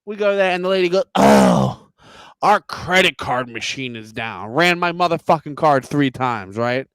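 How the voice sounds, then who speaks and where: A man's voice: fairly high pitch, normal speed, smooth, no room sound. A man, ranting and swearing as a podcast co-host in casual chat. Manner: profane, heated, animated ranting.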